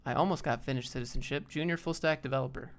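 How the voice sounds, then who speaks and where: A man's voice: mid-range voice, fast talker. Chatty young man streaming live. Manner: chatty, thinks aloud while browsing job listings and answering chat. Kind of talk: casual live-stream chat.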